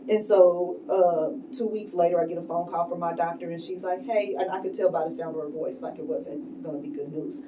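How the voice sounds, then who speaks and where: A woman's voice: on the low side, fairly even intonation, brisk, hardly any pauses. A middle-aged woman, a guest, telling a personal story in a casual way full of likes and ums. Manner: casual, filler-heavy, with many likes and ums. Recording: dull, distant sound with faint noise.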